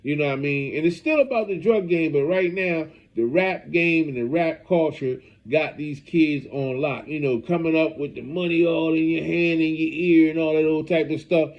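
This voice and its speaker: Male host, slightly high voice, loose rambling street-news commentary, muffled lo-fi audio. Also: moderate pace, few pauses. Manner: rambling, heavy use of "you know what I mean".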